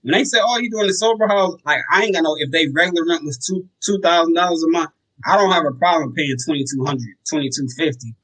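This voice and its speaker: A man's voice: fairly high pitch, quick pace, slightly rough, poor audio. A man telling business stories in casual, slangy podcast talk. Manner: relaxed, slangy, tells stories with acted quotes. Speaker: guest, sober home operator.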